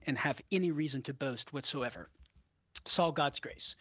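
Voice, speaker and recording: A man with a fairly high, bright and forceful voice answers questions as a radio guest. He explains carefully and at length. The sound is dry and close on a studio microphone. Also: no echo. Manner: measured and explanatory. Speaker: guest expert on a radio show.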